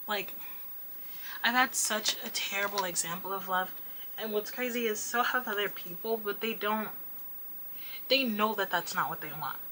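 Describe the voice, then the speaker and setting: A woman's voice: medium pitch, bright, forceful tone, slight background noise, low-quality recording. A young woman vlogger rambling candidly late at night, self-deprecating and swearing often as she vents.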